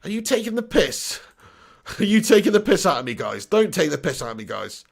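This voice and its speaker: His voice is high, sing-song and creaky, and he talks briskly while reacting live to a football match on stream. The man, in his thirties, reads out chat messages and answers them with swearing and banter.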